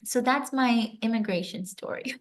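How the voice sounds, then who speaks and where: A woman's voice: fairly high pitch, moderate pace. A young adult woman, a guest author, telling a personal story in an interview with emotion and many casual "like" fillers. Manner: emotional, animated retelling with frequent "like" fillers.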